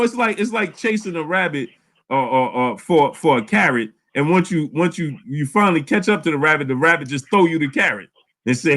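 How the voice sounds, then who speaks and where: A man hosting a casual live boxing chat, animated, often repeating words. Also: fairly high pitch, moderate pace. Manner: animated, repeats words, reads super chats aloud. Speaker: boxing channel host.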